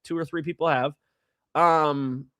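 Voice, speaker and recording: A man co-hosts a fight betting show in loose street slang, peppering every thought with bro and dog. His voice sits a little higher than most men's. The recording is dry and close to the mic. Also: steady tone, unhurried, fairly bright tone, dry recording. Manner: slangy and profane, says bro and dog a lot. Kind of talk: casual podcast chat, fight predictions.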